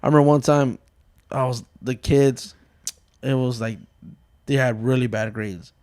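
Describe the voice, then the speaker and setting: A man's voice: medium pitch, steady tone, unhurried, darkish tone, clear, resonant tone, no echo, studio quality. Joking man telling family stories. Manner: joking, storytelling, swears freely. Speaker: podcast host. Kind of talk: casual chat.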